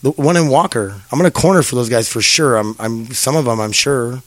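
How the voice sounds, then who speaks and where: A man's voice: mid-range voice, brisk, dry recording. A young man hosting a podcast in a rambling casual chat, swearing and laughing as he talks. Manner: rambling, profane, laughs often. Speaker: podcast host.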